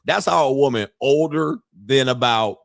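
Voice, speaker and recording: A man's voice: mid-range voice, moderate pace, vocal fry, no echo, clean studio sound. A man hosting a show, delivering a crude comedic rant in a boastful, profane, mocking way. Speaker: show host.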